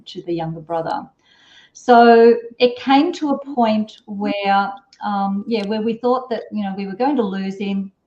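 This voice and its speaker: A woman's voice: mid-range voice, warm tone. Chatty middle-aged woman, roomy lo-fi sound. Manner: chatty, rambling, with many fillers and self-corrections. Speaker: parenting strategist guest. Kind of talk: storytelling in an interview.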